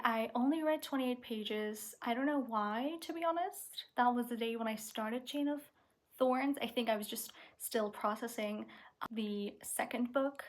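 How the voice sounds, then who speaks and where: An excitable young woman talks to her camera about her reading in a slightly high voice. She gushes and rushes, and at tense moments she drops into a nervous whisper. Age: young adult. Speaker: book vlogger. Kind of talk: casual vlog talk to camera.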